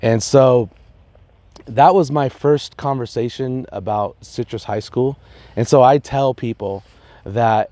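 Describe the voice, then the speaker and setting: Man, principal, low pitch, mellow, dry close sound, earnest storyteller. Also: fairly even intonation, moderate pace, no echo. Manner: earnest, storytelling, playful asides. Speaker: high school principal. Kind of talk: reflective interview talk.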